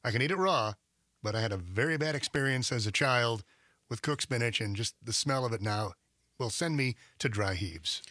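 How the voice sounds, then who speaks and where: A man's voice: mid-range voice, moderate pace, sharp tone, dry recording, clean studio sound. A male co-host speaking in a plain, matter-of-fact way during casual chat.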